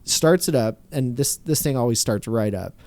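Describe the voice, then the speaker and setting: A man who is a mechanic, telling a story in a casual podcast chat, animated and swearing freely with laughs. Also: mid-range voice, normal speed.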